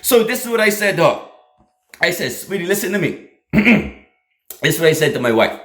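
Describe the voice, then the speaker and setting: A man's voice: a little high, very animated, normal speed, a bit bright. A man, telling a personal story to his online audience, often laughing and repeating lines for emphasis. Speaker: host of a faith channel. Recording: echoey room.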